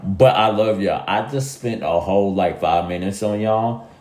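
A man's voice: lowish voice, moderate pace, darkish tone. A young man talking casually to his listeners, rambling and emphatic, repeating himself in slangy speech. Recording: echoey room.

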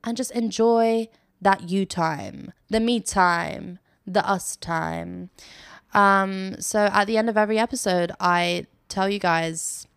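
A woman's voice: mid-range voice, takes it slowly, vocal fry, clear, resonant tone, no room sound, clean studio sound. A young British woman hosting a casual solo podcast, telling stories in a chatty, giggly way and swearing freely. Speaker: podcast host.

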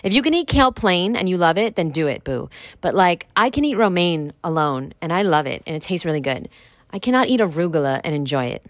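A young woman hosts her podcast in a loose, blunt rant, swearing freely and padding her sentences with "like." Her voice sits a little low for a woman. The recording is dry and close, with no room echo. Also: very animated, brisk. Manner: blunt, profane, lots of "like" fillers. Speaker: podcast host. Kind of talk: casual ranting monologue. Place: home with construction noise outside.

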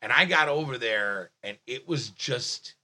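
A man, a comedian telling a story in casual podcast chat, profane and animated, full of restarts and fillers. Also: medium pitch, measured pace. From Staten Island, New York.

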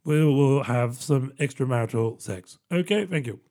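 A man's voice: mid-range voice, normal speed, warm tone, lightly acted. A man putting on the voice of a prim, overly polite middle-class character from a radio drama, speaking stiffly and formally.

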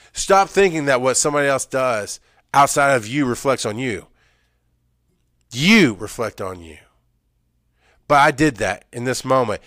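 Man, middle-aged, blunt emphatic storytelling, loud-to-quiet swings, dry close sound. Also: mid-range voice, dry recording. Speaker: speaker sharing his experience. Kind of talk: personal story and advice.

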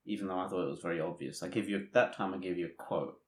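A man co-hosting a casual quiz chat, playful and teasing, giving hints slowly. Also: deep voice, steady tone. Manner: playful, teasing, gives slow deliberate hints. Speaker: quiz co-host. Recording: roomy echoey room.

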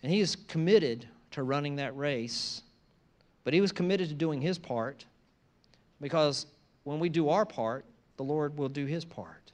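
Man, pastor, sermon, slightly high voice, builds to loud repeated lines. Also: measured pace. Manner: builds to loud emphatic preaching with repeated phrases; conversational asides between scripture lines.

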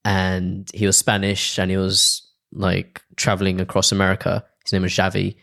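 A man's voice: sits low, completely flat delivery, normal speed, gravelly, fairly bright tone. A young man chatting casually, telling rambling stories and laughing often. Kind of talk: casual chat.

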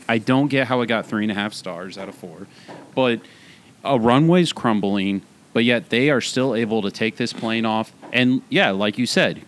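A man's voice: medium pitch, a little hiss or hum. A man co-hosting a podcast, rambling and incredulous in casual film chat. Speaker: podcast co-host.

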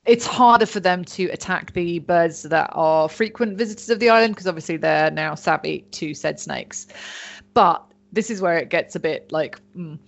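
A woman's voice: fairly low pitch, normal speed, gravelly. Chatty woman telling a story. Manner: chatty, jokey, swears casually. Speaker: podcast host. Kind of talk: casual chat, telling a story. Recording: dull lo-fi sound.

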